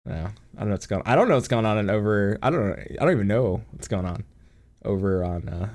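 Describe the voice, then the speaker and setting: A man's voice: on the low side, animated, quick pace, a little mellow. A man from the United States hosting a casual podcast chat, joking and laughing often, with plenty of restarts. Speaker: podcast host.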